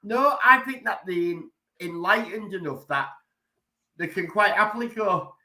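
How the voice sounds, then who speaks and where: A man co-hosting a podcast in casual chat, joking and a bit halting. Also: sits high, sharp tone. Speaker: podcast co-host.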